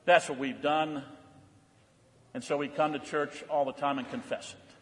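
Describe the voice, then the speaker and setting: High-voiced preaching man in an echoing church. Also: fairly even intonation, normal speed. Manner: earnest preaching that swings between fervent emphasis and hushed low passages. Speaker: pastor. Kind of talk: sermon. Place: church sanctuary. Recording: long reverb of a church hall.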